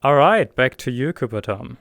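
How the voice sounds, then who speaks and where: A man producing a live virtual reality event, talking casually and excitedly with many fillers and restarts. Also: mid-range voice, moderate pace, vocal fry, no echo, clean studio sound. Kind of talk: casual live-stream talk.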